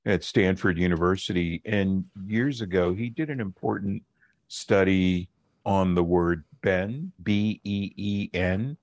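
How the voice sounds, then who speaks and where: A middle-aged man, a linguist guest on a radio interview, explaining in a measured, lecturing way and slowing down to stress key words. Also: low voice, darkish tone, no echo.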